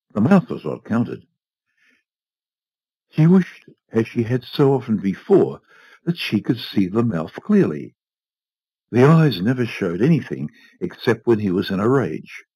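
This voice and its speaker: Low-voiced man reading a story. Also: dry recording, muffled recording. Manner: measured, expressive storytelling. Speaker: reader. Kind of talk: audiobook narration.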